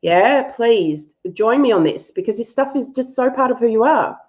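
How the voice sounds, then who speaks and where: A woman's voice: a little high, expressive, normal speed, darkish tone, lo-fi sound. A woman hosting a live-stream animal reading and answering viewers, affectionate and thinking aloud with fillers.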